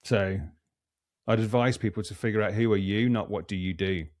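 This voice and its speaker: Low-voiced man speaking earnestly, very dry sound. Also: steady tone, normal speed, a little mellow, no room sound. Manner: earnest, restarts and repeats words while thinking. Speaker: coach and performance psychologist, podcast guest. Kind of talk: reflective conversational explaining.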